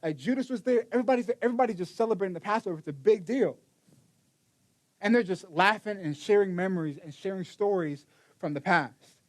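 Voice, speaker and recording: A man's voice: sits high, fast. A man preaching a sermon in a casual storytelling way, acting out the quotes with many restarts. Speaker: pastor.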